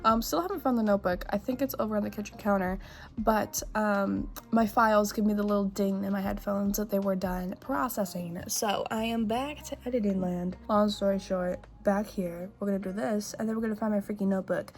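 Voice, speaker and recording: A woman's voice: medium pitch, steady tone, fairly quick. A young woman vlogging her day in a casual, rambling, self-deprecating way. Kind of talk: casual vlog chat.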